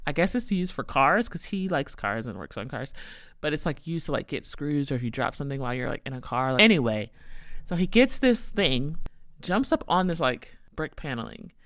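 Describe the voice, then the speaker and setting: Animated woman telling a rambling story. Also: low voice, brisk, no echo, studio quality. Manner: animated, rambling, full of "like" fillers. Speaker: podcast host. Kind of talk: casual storytelling to listeners.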